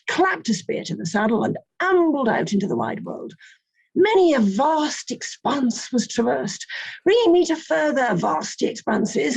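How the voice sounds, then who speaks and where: A woman's voice: sits high, creaky, darkish tone. A woman at a seminar reading a comic prose passage aloud in a playful, amused way.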